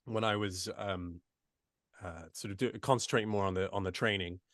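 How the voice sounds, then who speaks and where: A man's voice: low-pitched, steady tone, normal speed, fairly bright tone, no echo, studio quality. A man from the United States who speaks with an English accent, a voice actor chatting casually in an interview with many restarts and asides. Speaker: voice actor guest.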